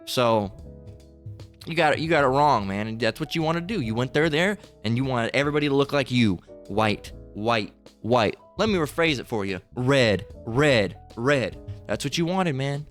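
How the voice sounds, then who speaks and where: A man's voice: mid-range voice, animated, normal speed, a bit bright, soft background music. A man preaching a heated, profane sermon, ranting, repeating himself and firing off rhetorical questions between scripture readings.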